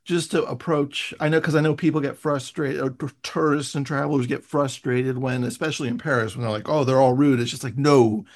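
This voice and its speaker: A man hosting a casual chat, telling travel stories with quick asides and laughs, over a video call. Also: mid-range voice, fairly even intonation. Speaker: host.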